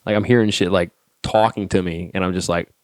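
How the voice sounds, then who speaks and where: A man, an army staff sergeant guest on a podcast, telling stories casually in a profane, animated way and acting out the dialogue. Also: sits low, brisk, dry recording, studio quality. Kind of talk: casual storytelling.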